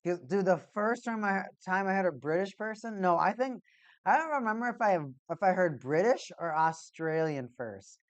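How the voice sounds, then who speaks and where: A woman hosts a hockey watch-party stream and chats casually with her viewers. She rambles, jokes and circles back over the same points. Her mid-pitched voice sounds dry and close, with no room echo. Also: lively intonation, moderate pace. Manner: rambling, jokey, repeats herself. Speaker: livestream host.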